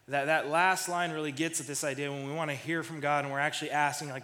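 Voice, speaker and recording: A man's voice: a little high, steady tone, fast, few pauses, sharp tone, long reverb tail. A man in his thirties preaching a sermon in a casual storytelling way, often repeating the first words of a phrase. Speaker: pastor.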